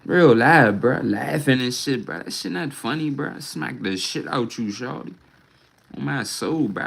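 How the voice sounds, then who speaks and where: A man's voice: medium pitch, creaky, poor audio. A man venting on a casual livestream from home into a phone mic, rambling and profane, ending almost every phrase with "bruh".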